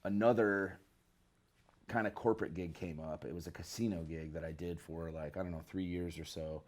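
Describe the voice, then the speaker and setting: A man from northern Michigan, a bass player guesting on an interview, telling rambling stories in a laid-back, slangy way. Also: steady tone, normal speed. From northern Michigan, USA. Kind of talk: casual storytelling interview.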